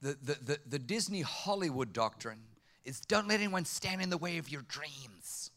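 In his sermon, a German man serving as pastor tells animated stories and takes on the voices of those he quotes. He speaks at a moderate pace, his voice sitting on the high side.

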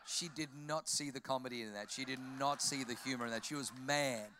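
A man with an Australian accent preaching a sermon, telling jokey stories in an animated way. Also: medium pitch, brisk, a little hiss or hum. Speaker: pastor.

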